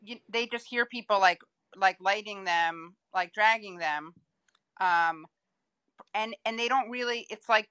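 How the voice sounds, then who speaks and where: Bright-voiced woman guest, earnest. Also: mid-range voice, animated, measured pace, no room sound. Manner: earnest, hedging, many fillers. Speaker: podcast guest. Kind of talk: casual political chat.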